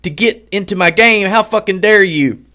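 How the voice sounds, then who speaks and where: A man's voice: high-pitched, normal speed, bright, forceful tone, voice pushed up. A man reading out the lines of an indignant, pompous rival who makes grand threats, in a raised voice. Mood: threatening.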